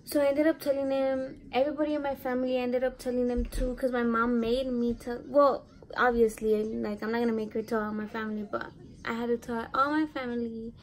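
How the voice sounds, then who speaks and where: A woman's voice: on the high side, steady tone, fairly quick. A young adult woman telling a personal story to her vlog audience in a chatty, confiding way, full of "like" and "you know.". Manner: chatty, heavy use of "like"; emotional, confiding. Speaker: vlogger. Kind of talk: casual storytelling to camera.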